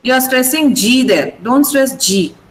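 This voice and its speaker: A woman teaching English pronunciation in an online class, sounding out words slowly syllable by syllable in a firm, instructive manner. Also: sits high, animated, crowd noise, rough recording. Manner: slow deliberate syllable-by-syllable pronunciation. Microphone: video call.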